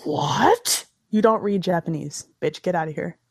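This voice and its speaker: A woman's voice: fairly low pitch, lively intonation, slightly rough. A woman co-hosting a casual movie riff, trading sarcastic jokes and laughing with her co-host. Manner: sarcastic, laughing, rapid banter.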